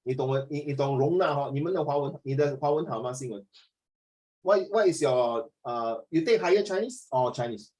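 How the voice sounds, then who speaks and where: A man's voice: medium pitch, a little fast, a little mellow, rough recording. A middle-aged man with a Singaporean accent, teaching an online class in a rambling, chatty way, dropping "ah" and "lah" and switching into Mandarin. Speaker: social studies tutor.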